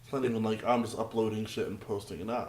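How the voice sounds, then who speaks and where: A man co-hosting a podcast, speaking in casual slang with profanity and quick reactions. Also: lowish voice, steady tone, darkish tone, reverberant, a little hiss or hum. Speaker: podcast co-host.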